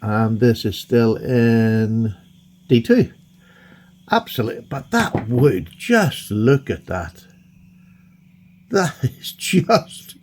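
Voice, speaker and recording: A man chatting excitedly and gushing as he unboxes and admires his new knives. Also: mid-range voice, slow, long pauses. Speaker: knife collector vlogger. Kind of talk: casual unboxing chat.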